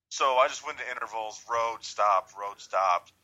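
A man's voice: fairly low pitch, unhurried, sharp tone, dull audio. A man telling a rambling, profane, jokey story in casual chat.

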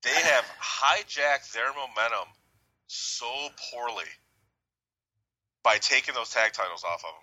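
A man co-hosting a casual podcast, talking animatedly and doing quick voices when quoting people. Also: mid-range voice, low-quality recording. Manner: animated, mimics voices in quoted bits. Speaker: podcast co-host. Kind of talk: casual wrestling talk.

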